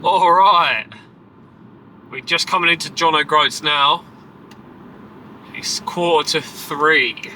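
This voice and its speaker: A man chatting casually and excitedly to camera as a travel vlogger, driving and walking about. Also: a little high, slow pace, pauses often, a little hiss or hum, low-quality recording. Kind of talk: casual travel vlog chat. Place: in a car and outdoors.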